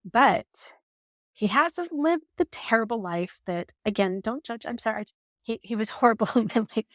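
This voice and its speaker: Animated woman telling a personal story. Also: fairly high pitch, normal speed, no echo, clean studio sound. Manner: animated, emotional retelling with laughs. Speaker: vlogger.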